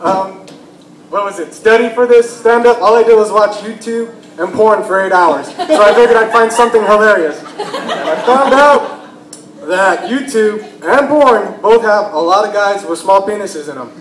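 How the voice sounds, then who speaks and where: A man's voice: sits high, moderate pace. A young man with a Texan accent doing a stand-up set at a comedy bar, chuckling through his own jokes. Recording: echoey club room.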